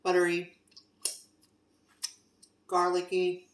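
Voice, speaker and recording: A woman's voice: fairly low pitch, monotone, slow pace, slight background noise. A woman in a home kitchen tasting her own food in a casual cooking vlog, effusive and emotional about how good it turned out. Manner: gushing and effusive while tasting. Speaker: cooking vlogger. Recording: roomy echo, mic at a distance.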